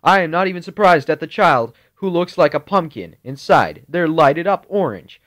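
A man voicing a gruff, pushy father with a blunt, loud way of talking. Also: a little high, lively intonation, moderate pace, voice pushed up.

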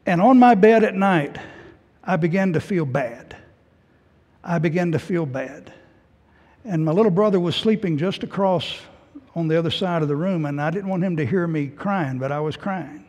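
A middle-aged male pastor giving an emotional personal testimony in a sermon, swinging between loud and hushed. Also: a little high, moderate pace. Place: church sanctuary. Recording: long hall reverb.

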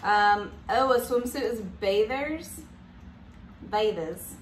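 A woman's voice: medium pitch, normal speed, fairly bright tone. A woman hosting a casual family snack-tasting video, cheerfully leading the kids. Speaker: host. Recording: echoey room, camera from a distance, faint noise.

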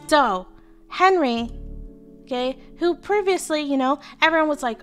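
A woman's voice: high-pitched, animated, normal speed, a bit bright, faint music behind. A young woman hosting a casual, irreverent history explainer, chatty and full of fillers. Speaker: history vtuber host.

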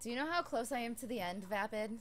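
A woman's voice: a little high, fast talker. A woman streaming a horror game, chatting in a sweary, playful way with her co-player. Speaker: gaming streamer. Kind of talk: let's play commentary.

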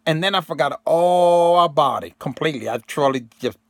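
A self-help video host talks to his viewers in a rambling, casual, emphatic monologue, slipping into slang and acting out quotes. His voice is a little high with lively intonation and a moderate pace, and the studio sound is clean with no echo.

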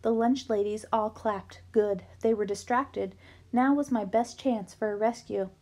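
A woman reading a children's novel aloud with lively storytelling. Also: fairly high pitch, a little slow. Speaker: book reader.

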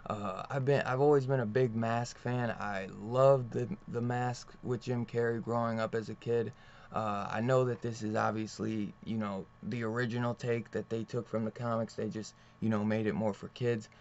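Dude ranting about a comic, cusses a lot, laughs, muffled lo-fi sound. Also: male voice, medium pitch, level tone, normal speed, darkish tone. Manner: loose, profane, laughs often. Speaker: comic book reviewer. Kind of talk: casual rambling comic review. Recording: dull lo-fi recording.

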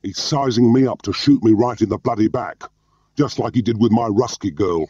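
A man voicing an excitable, nervous male agent who talks in an agitated, jeering way, in a muffled recording. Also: low-pitched, moderate pace, no room sound. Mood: excited.

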